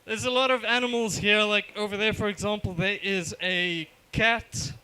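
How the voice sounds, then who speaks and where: A man from Johannesburg with a South African accent doing a deadpan, self-deprecating stand-up set in a bar. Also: high voice, normal speed, clear, resonant tone, poor audio. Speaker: stand-up comedian. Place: comedy bar stage.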